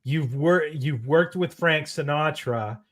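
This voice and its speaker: Male co-host, unhurried delivery, casual and informal. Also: on the high side. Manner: relaxed, informal, exclamatory reactions. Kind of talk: casual podcast chat.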